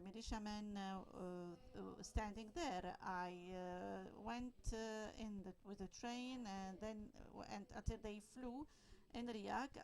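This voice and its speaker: A woman on a panel retelling a train driver's account in the first person, halting with many fillers. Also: medium pitch, darkish tone, poor audio. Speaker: panel speaker.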